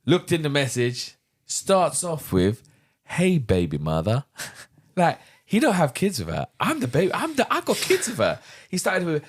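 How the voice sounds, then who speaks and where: A man's voice: a little high, moderate pace, slightly rough. A middle-aged man, a podcast guest, candidly retelling a personal story and acting out the dialogue. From London. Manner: animated, vivid retelling with acted-out dialogue.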